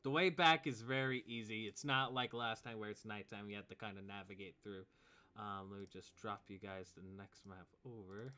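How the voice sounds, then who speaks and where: Casual low-voiced game master. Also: male voice, steady tone, moderate pace, bright, forceful tone, smooth. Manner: casual, rambling, sound-effect interjections. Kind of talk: narrating a tabletop game.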